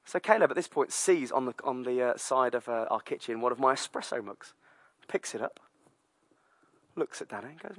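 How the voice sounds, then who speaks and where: A British man in his thirties preaching a sermon with personal stories, lively and filler-heavy. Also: medium pitch, moderate pace, long pauses, dry recording. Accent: British English. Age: 30s. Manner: storytelling, lively, many fillers. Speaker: pastor.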